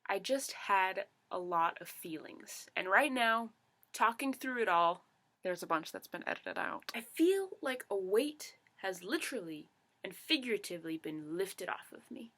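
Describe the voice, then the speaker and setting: A young woman vlogging at home late at night, chatty, excitable and giggly. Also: mid-range voice, unhurried. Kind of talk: casual vlog.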